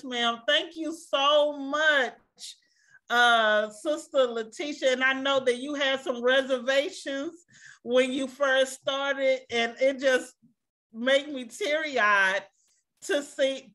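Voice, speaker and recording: A woman's voice: fairly high pitch, fairly bright tone. A woman hosting an online school assembly over a video call, thanking each person by name with frequent religious praise phrases. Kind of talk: warm emotional assembly hosting.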